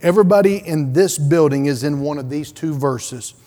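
A male pastor preaching a sermon in a church, swinging between loud urgent calls and hushed, low passages. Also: normal speed, long reverb tail. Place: church sanctuary.

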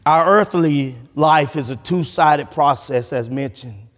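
A man preaching a sermon as pastor, animated, often restarting his sentences. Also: a little high, takes it slowly. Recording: long reverb from a large hall.

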